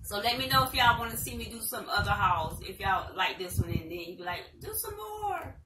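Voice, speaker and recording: A woman's voice: mid-range voice, steady tone, quick pace. A middle-aged woman chatting casually to viewers in a haul video, repeating herself and calling them y'all. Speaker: vlogger. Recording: echoey room, mic at a distance, loud noise.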